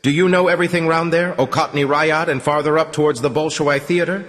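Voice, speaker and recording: A man's voice: on the high side, fairly even intonation, brisk, a bit bright, pitched above the performer's own voice, natural voice. A man doing a chummy, scheming officer. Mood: cheerful. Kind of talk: audiobook character voice. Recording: long hall reverb.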